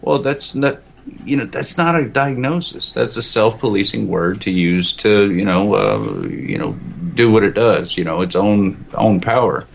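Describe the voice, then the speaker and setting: Low-voiced man musing philosophically. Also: sing-song, a little slow, vocal fry. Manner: rambling and philosophical, with many restarts. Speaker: guest. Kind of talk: roundtable discussion. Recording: muffled lo-fi audio with faint hiss.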